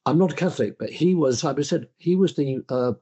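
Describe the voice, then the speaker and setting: A man's voice: on the high side, fairly quick, warm tone, husky. An older man, an interview guest, reflecting on his career in a thoughtful, self-deprecating way, often restarting his sentences. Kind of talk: reflective conversational storytelling.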